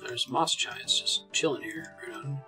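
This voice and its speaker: A man's voice: mid-range voice, fairly even intonation, unhurried, pushed and bright, recorded from a distance, faint music behind. A man giving casual let's-play commentary, reading game dialogue aloud and joking. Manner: reads game dialogue aloud, jokes and laughs. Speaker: gaming video creator.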